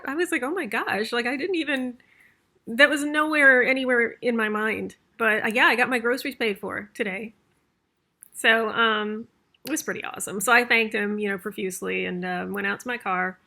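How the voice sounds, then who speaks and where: Woman vlogger rambling thru a story, bright voice with lots of vocal fry. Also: fairly high pitch, a little fast. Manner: chatty, rambling with fillers and laughs. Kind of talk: casual storytelling.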